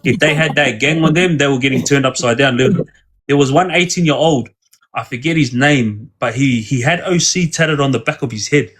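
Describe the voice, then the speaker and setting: Husky man telling prison stories. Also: mid-range voice, normal speed, a bit bright. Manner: rambling, with many restarts and quoted dialogue. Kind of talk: casual storytelling.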